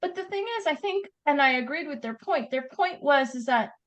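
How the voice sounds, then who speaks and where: A woman's voice: high voice, animated, fairly quick, lo-fi sound. A woman with a Canadian accent, a guest author chatting animatedly about her writing in an interview. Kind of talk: casual interview chat.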